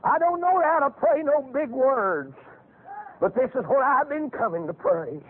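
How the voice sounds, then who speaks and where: A man voicing a gruff, rough-handed old ex-bootlegger father who talks plainly and earnestly. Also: very high voice, lively intonation, measured pace. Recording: tinny phone-like lo-fi recording.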